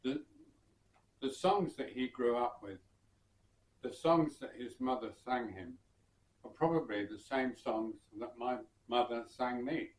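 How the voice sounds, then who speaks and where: A man from southern England, a musician and bandleader, tells a personal anecdote in an unhurried, reflective way with soft chuckles and hesitations. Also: medium pitch. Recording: roomy sound from some distance.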